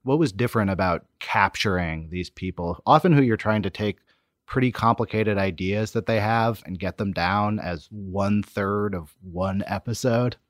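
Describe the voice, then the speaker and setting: Low-voiced male interviewer, dry sound. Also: normal speed, no room sound. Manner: long, searching questions. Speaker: podcast host, interviewer. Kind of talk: interview questions.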